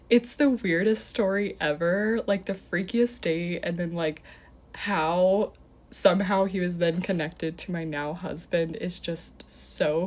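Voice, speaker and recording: A young woman telling a dating story in a casual, animated way, full of "like" fillers. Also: lowish voice.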